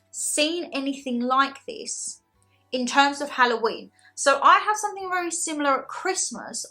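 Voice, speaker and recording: Bubbly high-voiced woman vlogger. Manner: animated, laughs often, self-deprecating. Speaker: haul vlogger. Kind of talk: casual chatty haul video.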